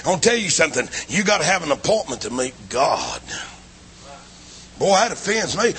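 A man preaching a revival sermon in a church, swinging between shouting and low, hushed lines. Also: wildly swooping pitch, moderate pace, long pauses, slightly rough. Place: church building.

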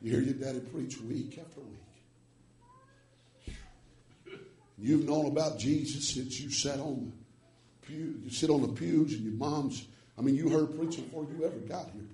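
A man preaching a revival sermon, swinging from hushed tones to chanted shouts with rhythmic "uh" breaths. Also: medium pitch, measured pace, long pauses, reverberant, distant mic.

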